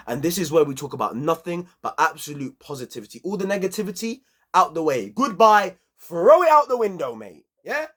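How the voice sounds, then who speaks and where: A young man, giving a passionate, slangy football match review on his own channel. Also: on the high side.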